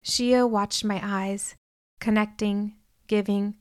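A woman's voice: mid-range voice, fairly even intonation, measured pace, dry recording. A woman reading a first-person novel aloud with earnest, emotional delivery, close to the mic. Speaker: audiobook narrator.

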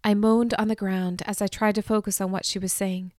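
A woman reading a novel aloud in first person, measured and expressive. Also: medium pitch, no room sound, studio quality. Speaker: audiobook narrator. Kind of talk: first-person storybook narration.

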